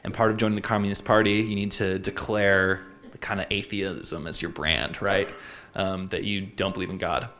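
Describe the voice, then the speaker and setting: A Utah man in his twenties, with a deep, steady, fairly bright voice, tells a personal story. He's casual and reflective, often halting with fillers and restarting his sentences.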